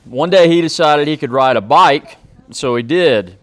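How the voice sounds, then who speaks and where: A man's voice: on the high side, a little slow, fairly bright tone, no echo. Friendly man reading a picture book. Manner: friendly, plain-spoken, chatty asides to kids. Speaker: police officer reading to children. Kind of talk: children's storybook read-aloud.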